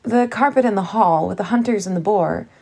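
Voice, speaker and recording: A woman narrating a children's novel in the first person, reading gently. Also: medium pitch, fairly quick, vocal fry. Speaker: audiobook reader.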